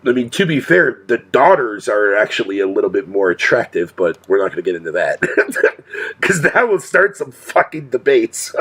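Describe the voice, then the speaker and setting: A man's voice: on the low side, very animated, moderate pace, fairly bright tone, husky. A male streamer talking casually to his chat in a profane rant, swearing constantly and laughing often.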